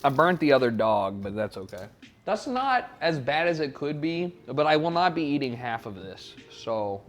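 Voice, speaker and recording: A man's voice: mid-range voice, sing-song, moderate pace, a little hiss or hum. A man live-streaming as he cooks in his home kitchen, swearing freely and rambling while he answers his chat. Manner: profane, rambling, talks back to chat. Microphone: wired mic.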